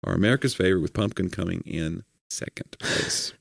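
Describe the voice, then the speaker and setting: Southern male podcast co-host, jokey, reads trivia with quips; lowish, dry close mic. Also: brisk, vocal fry, slightly rough, no room sound. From Knoxville, Tennessee. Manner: jokey, reads facts aloud with playful asides. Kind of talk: casual chat.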